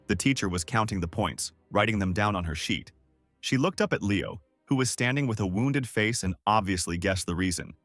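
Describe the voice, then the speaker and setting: Animated male story narrator. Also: fairly low pitch, normal speed, no room sound, soft background music. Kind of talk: scripted story recap narration.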